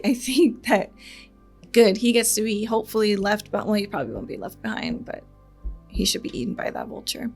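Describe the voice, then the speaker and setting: A woman's voice: medium pitch, vocal fry. A woman hosting a reaction channel. She talks in a casual, earnest, rambling way, with nervous laughs when she gets upset.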